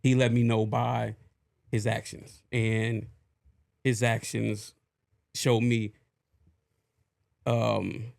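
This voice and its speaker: A man co-hosting a podcast, speaking in a slow, halting and reflective way. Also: mid-range voice, flat delivery, vocal fry, darkish tone, dry recording, clean studio sound. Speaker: podcast co-host. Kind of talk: casual chat.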